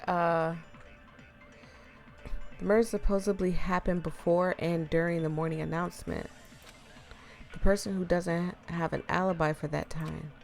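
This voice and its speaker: A woman streaming a video game, chatting casually, laughing and thinking out loud as she plays. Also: fairly low pitch, steady tone, a little slow, vocal fry, long pauses, soft background music. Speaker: gaming streamer. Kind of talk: casual let's-play commentary.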